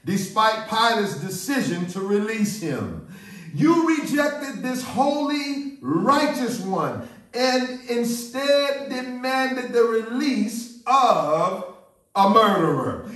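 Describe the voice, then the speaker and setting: Excitable preacher with a high echoey voice. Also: male voice, slow. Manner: excitable, repeats words and restarts. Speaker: pastor. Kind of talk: sermon. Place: church sanctuary. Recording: echoey room, mic at a distance.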